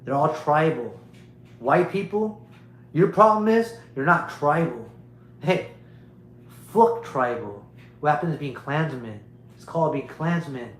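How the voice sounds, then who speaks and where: A man's voice: on the high side, echoey room, slight background noise, low-quality recording. A man hosting a livestream, delivering a rambling, preachy monologue to his viewers and repeating his points emphatically. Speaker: livestream host.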